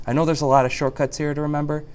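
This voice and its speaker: A man teaching a software tutorial over a screen recording, chatty and jokey, talking through each click. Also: fairly high pitch, little pitch movement, very fast, clean tone.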